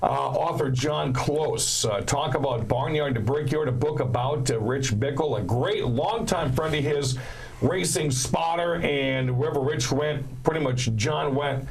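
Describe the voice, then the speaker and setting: Raspy-edged, slightly high male host, upbeat radio intros. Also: a little slow, a little hiss or hum, poor audio. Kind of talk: radio show hosting.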